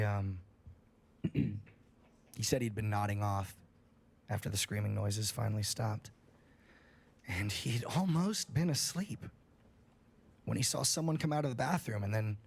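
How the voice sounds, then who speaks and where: A man's voice: on the low side, measured pace, gravelly, long pauses, husky. A man telling a creepy campfire story on a livestream, casual and full of swearing. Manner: profane, animated storyteller.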